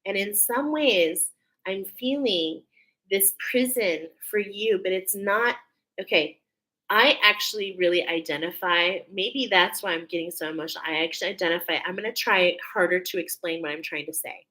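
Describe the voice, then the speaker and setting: Bright-voiced woman giving an earnest card reading. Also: mid-range voice, low-quality recording. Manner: earnest, repeats phrases, many pauses and fillers. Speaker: spiritual card reader. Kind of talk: intuitive oracle card reading to camera.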